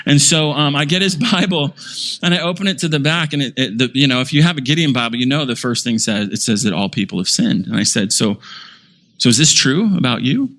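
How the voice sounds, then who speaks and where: A man pastor preaching a sermon, telling a story in an animated way and calling himself a little sarcastic. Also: medium pitch, fast talker.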